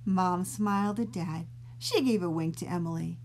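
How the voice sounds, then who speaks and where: A woman librarian reading a silly bedtime story aloud to children, playful and expressive, stretching out her words. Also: fairly low pitch, normal speed, slight background noise.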